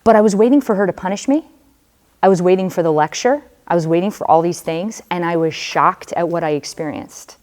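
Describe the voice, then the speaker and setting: A woman's voice: lowish voice, fairly quick, a little mellow. A woman, a religious sister, giving a personal testimony to students in a conversational storytelling manner, speaking straight to them with casual fillers.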